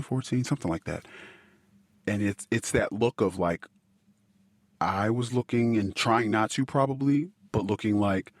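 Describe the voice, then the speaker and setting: A middle-aged male podcast host tells a personal story in a low, raspy voice. He speaks haltingly and with feeling, sometimes dropping into quiet asides. The sound is dry and close, with no room echo.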